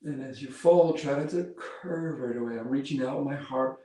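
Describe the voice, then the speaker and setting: A man leading a yoga class, giving calm step-by-step cues while he demonstrates the poses and counts breaths. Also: mid-range voice, normal speed. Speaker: yoga instructor. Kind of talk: guided yoga class instruction. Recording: roomy echo, mic far off.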